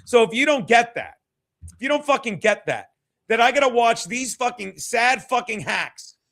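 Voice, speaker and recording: A man's voice: extremely high pitch, very animated, moderate pace, a bit bright. A stand-up comedian, a man, giving a rambling, profane, combative rant as stream commentary.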